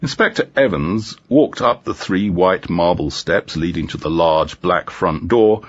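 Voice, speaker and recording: Deep husky male storyteller. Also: unhurried, highs cut off. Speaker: narrator. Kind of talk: audiobook crime story reading.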